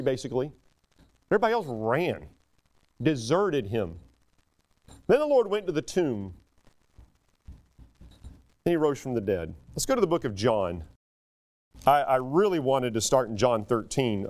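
A man preaching a sermon, emphatic and animated, often breaking off and restarting his sentences. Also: on the high side. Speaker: pastor.

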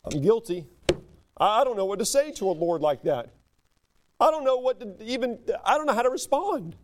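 Preacher man, pitch jumping all over, fairly high voice, keeps breaking off and starting over. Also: moderate pace. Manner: emphatic, animated, breaks off and restarts sentences. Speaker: pastor. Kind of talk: sermon.

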